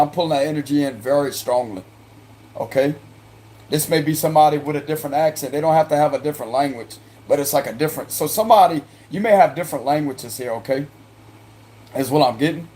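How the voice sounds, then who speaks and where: A man's voice: fairly high pitch, darkish tone. A man with a Cajun accent giving a casual, rambling tarot reading to viewers, repeating himself and chuckling in asides. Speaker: tarot reader.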